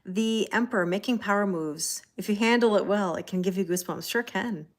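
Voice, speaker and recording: Speaking at a fairly quick clip in a mid-range voice, this tarot reader is a Canadian woman with a Canadian accent. She chats her way through a casual live-stream reading, laughing a lot and responding to comments from viewers.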